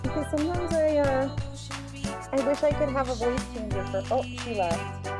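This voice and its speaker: A woman's voice: high voice, expressive, moderate pace, loud music behind the voice. A woman gaming streamer chatting casually on a close mic, giggly and rambling. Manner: giggly, rambling, self-mocking. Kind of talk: casual live stream chat. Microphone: close to the mouth.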